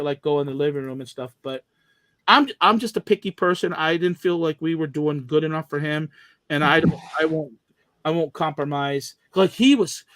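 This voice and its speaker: A man's voice: on the high side, a bit bright. A man telling a long, rambling story in casual chat, with many restarts and trailing asides.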